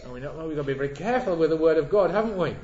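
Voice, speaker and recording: A man preaching a sermon in a church hall, swelling loud on key words and dropping low and soft between them. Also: animated, very fast, a little hiss or hum. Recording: echoey hall, dull lo-fi sound.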